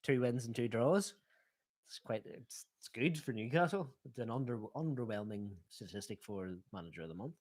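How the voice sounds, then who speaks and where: A man's voice: mid-range voice, expressive, normal speed, a little mellow. Man teasing his mate in casual banter. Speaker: co-host of a football watchalong. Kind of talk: casual chat.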